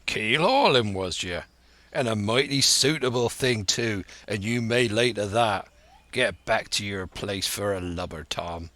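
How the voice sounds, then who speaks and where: A man's voice: on the low side, unhurried, bright, forceful tone. A man voicing an older, crafty one-legged pirate cook who blusters in thick sea slang, for an audiobook. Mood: blustering.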